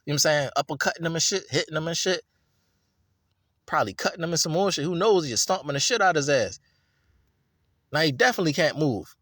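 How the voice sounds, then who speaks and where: A man's voice: a little high, expressive, fast talker, long pauses, fairly bright tone, dry recording, studio quality. A man reading scripture and breaking into an emphatic, profane, repetitive rant about it. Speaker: scripture reader and commentator.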